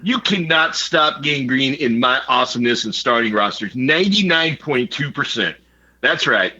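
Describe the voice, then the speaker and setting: Man, bright forceful voice, joking banter, casual swearing, dull lo-fi sound. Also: medium pitch, animated, moderate pace. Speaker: fantasy league co-host.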